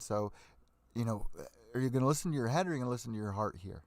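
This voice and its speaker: A man's voice: medium pitch, racing, darkish tone, dry recording. A young man hosting an MMA podcast, ranting with a lot of swearing and giving fight predictions. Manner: profane, fired-up ranting. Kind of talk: ranting live stream commentary.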